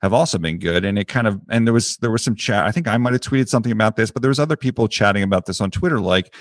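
A very deep-voiced man with a Philadelphia accent chats loosely on a podcast, circling back and correcting himself as he goes. The sound is close and dry, with no room around it. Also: very fast, no echo. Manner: rambling, self-correcting, swears casually. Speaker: podcast co-host. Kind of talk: casual chat.

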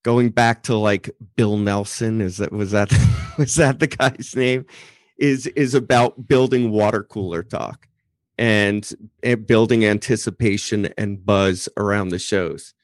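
A man co-hosting a podcast, chatting casually and tossing in quick examples. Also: lowish voice, fairly even intonation, no echo, studio quality. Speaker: podcast co-host. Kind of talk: casual chat.

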